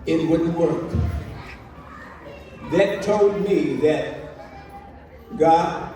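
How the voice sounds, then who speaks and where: A man, a reverend, telling a personal story at a celebration and acting out the dialogue in a lively way. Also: high-pitched, unhurried, crowd noise, background noise. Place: large hall. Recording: echoey hall from far off.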